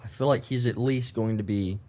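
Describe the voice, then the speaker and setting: A young man hosting a podcast in casual chat, easygoing and relaxed as he talks with friends. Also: mid-range voice, normal speed. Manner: relaxed, easygoing, wraps up the show. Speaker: podcast host.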